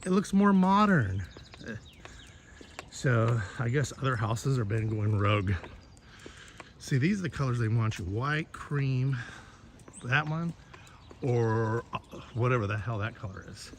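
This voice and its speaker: A man's voice: medium pitch, animated, a little slow, long pauses, a little hiss or hum. A man chatting casually while walking his neighborhood, rambling and swearing as he gossips about the neighbors. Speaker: vlogger. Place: outdoors in a neighborhood.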